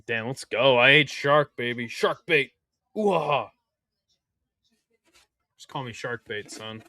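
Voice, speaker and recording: A young man hosting a casual live-stream watch party, crude and excitable, joking with his chat. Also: medium pitch, slow.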